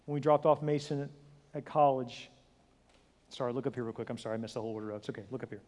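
A pastor in his forties preaching a sermon, telling stories with acted-out dialogue and lively delivery. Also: mid-range voice, very fast. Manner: animated storytelling, acts out dialogue with shifting voice. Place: large church hall. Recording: hall reverb.

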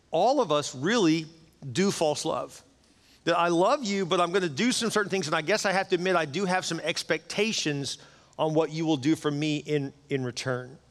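A man's voice: on the high side, fairly bright tone. A middle-aged man preaching a sermon as a pastor, earnest and urging his congregation to act. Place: large church auditorium. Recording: hall reverb in a big church.

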